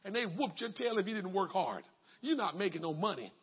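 High husky preacher, lively, emphatic, shouts, dull lo-fi recording. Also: male voice, brisk. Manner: emphatic, colloquial, bursts into shouting. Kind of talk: sermon.

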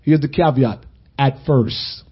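A man preaching a sermon in a conversational, storytelling way that builds to loud, shouted points. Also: mid-range voice, takes it slowly, husky, muffled recording.

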